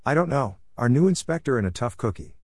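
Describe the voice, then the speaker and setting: A man's voice: mid-range voice, expressive, fast talker, dry recording, clean studio sound, voice pushed up. Male reader as a cautious, explaining police sergeant. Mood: wary. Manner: explaining, wary. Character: wary middle-aged male police sergeant.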